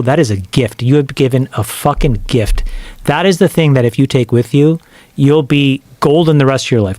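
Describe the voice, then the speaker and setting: Podcast guest, middle-aged man. Lively, profane storyteller, middle pitch, dry sound. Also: dry recording. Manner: animated, profane storyteller who acts out quoted lines. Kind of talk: casual storytelling.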